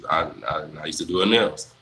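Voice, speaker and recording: A young man, chatting casually on a livestream, answering viewers in a relaxed, rambling way full of fillers. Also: very deep voice, fairly quick, low-quality recording. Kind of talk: casual live Q&A chat.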